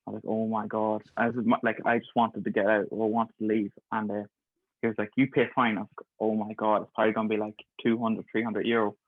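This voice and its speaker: A man's voice: lowish voice, completely flat delivery, quick pace, dry recording. A young man in his twenties, a guest, telling stories in a chatty way and laughing through them. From Ireland. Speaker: guest, pharmacist. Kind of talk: casual storytelling. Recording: thin phone-like call audio.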